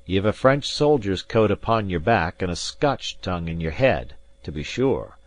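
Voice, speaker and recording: Audiobook: low-voiced male reader as a wary, shrewd ship captain, guarded, dry sound. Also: very animated, normal speed, dry recording. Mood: warning.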